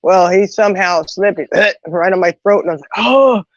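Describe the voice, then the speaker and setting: A woman's voice: lowish voice, brisk, dry recording. A middle-aged woman hosting a casual chat, retelling everyday stories with lots of asides. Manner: chatty, animated retelling with many asides. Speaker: host. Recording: dull, slightly muffled sound.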